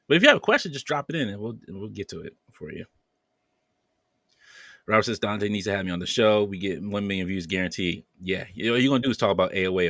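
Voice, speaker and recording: A podcast host with a fairly low-pitched, fairly bright voice casually reads viewer comments aloud, bantering playfully and laughing often. The recording is studio quality, with no room sound at all.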